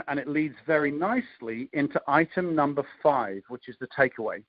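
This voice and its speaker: Man, English accent, sales coach, relaxed, chatty with fillers, dry close sound, muffled lo-fi call audio. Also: on the high side, normal speed, no room sound. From England. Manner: relaxed, conversational, frequent ums and restarts. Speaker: network marketing coach.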